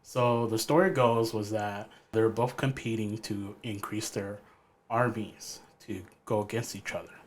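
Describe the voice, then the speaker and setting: A man casually retelling a folk tale on a podcast, loose and offhand, leaning on "like" and "pretty much.". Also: lowish voice. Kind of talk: casual storytelling. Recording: faint background noise.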